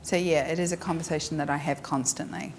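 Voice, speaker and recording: A woman teaching a live photography workshop, frank and animated, acting out her clients. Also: low voice, fast. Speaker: photography instructor. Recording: echoey room with faint noise.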